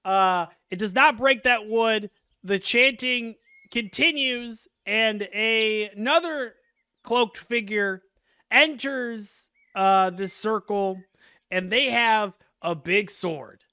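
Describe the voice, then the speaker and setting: A man's voice: high-pitched, slow, bright, forceful tone, clean tone, no echo, studio quality. A man narrating as game master in a laid-back, chuckling way, with many fillers. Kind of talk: narrating a casual tabletop game.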